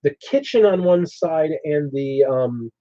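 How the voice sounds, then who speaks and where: A man's voice: fairly high pitch, expressive, measured pace, dark tone. A man hosting a casual hobby channel chat, thinking aloud as he explains his plans. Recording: slightly dull lo-fi audio.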